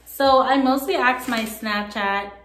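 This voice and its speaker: A woman's voice: a little high, a little slow, fairly bright tone. Chatty young woman vlogging in an echoey room. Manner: chatty, playful. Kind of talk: casual vlog chat.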